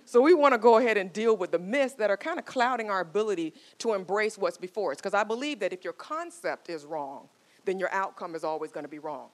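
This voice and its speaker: A woman's voice: mid-range voice, a little fast. A woman in her forties giving a motivational talk, telling stories and coaxing the audience with questions. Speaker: marriage speaker.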